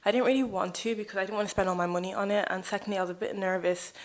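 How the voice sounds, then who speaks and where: Fast-talking young woman, chatty storyteller. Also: medium pitch, steady tone. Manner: chatty, rambling, heavy use of "like". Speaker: vlogger sharing a testimony. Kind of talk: casual storytelling to camera.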